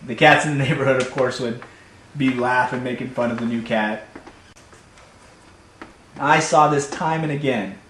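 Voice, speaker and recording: A man telling a comic personal story in an animated, playful way, recorded in an echoey room. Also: medium pitch, normal speed, long pauses. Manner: animated, playful, builds to shouts. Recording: echoey room, faint hum.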